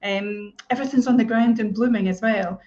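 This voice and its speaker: A woman's voice: mid-range voice, fairly even intonation, brisk, mellow, muffled recording. A woman co-hosting a casual property advice chat, talking in a conversational way with tag questions. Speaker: estate agent co-host.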